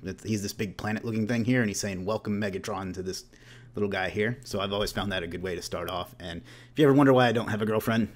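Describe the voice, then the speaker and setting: A man's voice: on the low side, quick pace. A man in his late thirties hosting a casual webinar, talking loosely with joking, self-deprecating asides. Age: late 30s. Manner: loose and conversational, with restarts. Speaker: webinar host.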